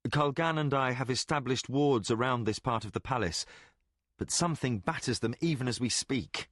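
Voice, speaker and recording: A man's voice: medium pitch, moderate pace, a bit bright, dry recording, clean studio sound, natural voice. A man voicing a young magician who speaks in a sombre, serious tone.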